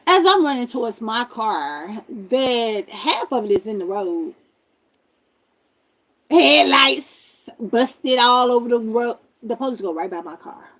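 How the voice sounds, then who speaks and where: A woman streamer telling a personal story in a casual, animated way, full of slang and talking straight to her viewers. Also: fairly high pitch, slow pace.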